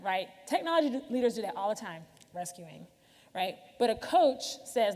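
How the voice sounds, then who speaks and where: A woman's voice: on the high side, very animated, normal speed, darkish tone. A woman giving a conference keynote, talking candidly and chattily straight to the audience. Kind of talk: conversational keynote talk. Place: large conference hall. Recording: reverberant hall.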